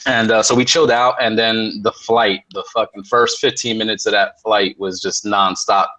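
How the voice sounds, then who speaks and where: A man with a bright, forceful voice recounts his trip in casual chat. He talks in a relaxed, rambling way, full of "you know" and "uh". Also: lowish voice, moderate pace, no echo, poor audio. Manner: relaxed, filler-heavy storytelling. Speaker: co-host.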